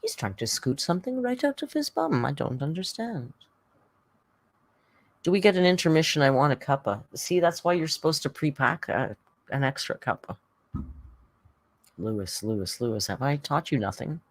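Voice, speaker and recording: A woman's voice: low-pitched, animated, moderate pace, pauses often, poor audio. Chatty woman hosting a live stream. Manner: chatty, coos baby talk to her cat. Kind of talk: casual live-stream chat.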